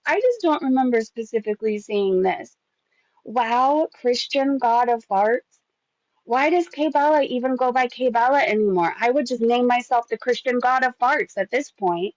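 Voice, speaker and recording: Sarcastic woman with a gravelly voice. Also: a little high, animated, normal speed, a little mellow, no echo, muffled recording. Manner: sarcastic, easily distracted, swears freely. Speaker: gossip channel host. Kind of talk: casual commentary reading screenshots.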